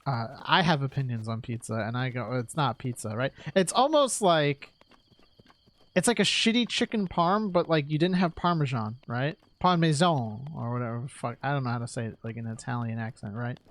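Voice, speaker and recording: A man's voice: medium pitch, fairly quick, a bit bright, no room sound. A man from New York chatting casually while streaming, rambling with lots of "like" and "right?" and frequent laughs.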